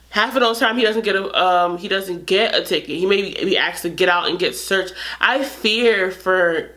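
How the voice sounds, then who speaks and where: A woman's voice: mid-range voice, a bit bright. A woman vlogger telling a personal story to camera in a casual, earnest way, often restarting her sentences.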